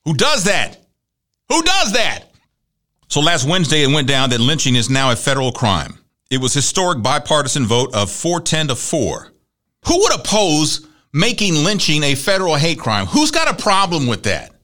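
A man's voice: on the high side, big pitch swings, normal speed, bright, forceful tone. A man hosting a talk show, casually running through news and celebrity gossip with wry asides and laughs at his own jokes.

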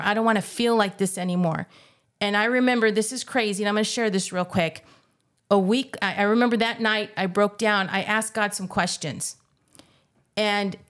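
A woman's voice: medium pitch, a bit bright. A woman co-hosting a faith podcast, earnestly telling a personal testimony and urging listeners, with emotion coming through. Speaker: podcast co-host.

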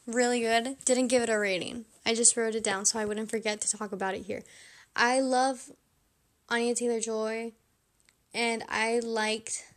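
A young woman rating movies in a chatty, blunt, self-mocking monologue. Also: on the high side.

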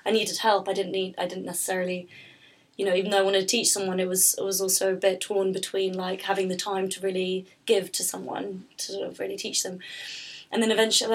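A husky-voiced woman talks casually about her work, drifting and restarting her sentences and filling gaps with ums. Her pitch stays fairly flat throughout. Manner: rambling, with many fillers and restarts. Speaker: pastry business founder, guest. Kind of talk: casual interview chat.

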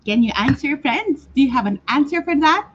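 A woman's voice: high-pitched, lively intonation, fairly quick, a little hiss or hum. A middle-aged Filipino woman hosting a live talk for viewers, mixing English and Tagalog and asking them to repeat after her. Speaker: livestream host, counselor. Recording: dull lo-fi stream audio.

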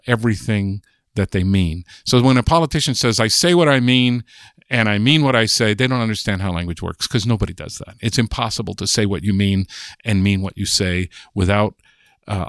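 A man's voice: lowish voice, fairly quick, no echo, clean studio sound. An American man, a guest linguist on a podcast, explaining ideas patiently and thinking aloud as he goes. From United States. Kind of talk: podcast interview.

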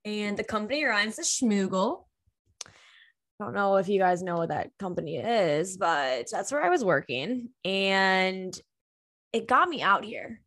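A young woman hosting her own podcast, talking off the cuff at a slow, drawn-out pace. Her voice sits at a middle pitch, and she swears freely and sounds close to tears with emotion. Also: animated, a bit bright. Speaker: podcast host. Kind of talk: unscripted casual podcast talk.

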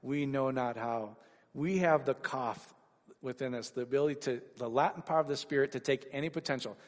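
A man preaching a sermon to a congregation, animated and rising to excited exclamations. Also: mid-range voice, a little fast, big-room sound.

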